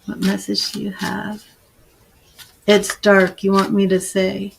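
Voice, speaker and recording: A woman giving a live tarot reading, slowly invoking goddesses and reading card meanings aloud in a soothing way. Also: mid-range voice, monotone, gravelly, slight background noise. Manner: slow, soothing, invoking spirits. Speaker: tarot reader.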